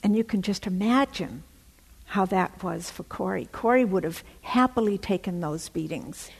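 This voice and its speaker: A woman's voice: mid-range voice, normal speed, creaky, breathy edge, big-room sound. A woman telling a story in a sermon, dramatic, often dropping to a near whisper. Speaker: preacher.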